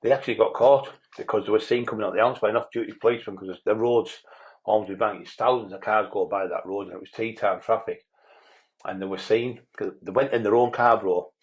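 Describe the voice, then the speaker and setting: A man's voice: lowish voice, steady tone, a little fast, rough recording. A man, a podcast guest telling rambling stories in a blunt way and swearing freely. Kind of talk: casual interview storytelling.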